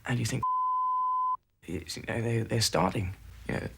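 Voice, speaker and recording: A man, a former military airman, recalling events haltingly in a documentary interview, with many pauses and fillers. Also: on the low side, gravelly, heavy background noise.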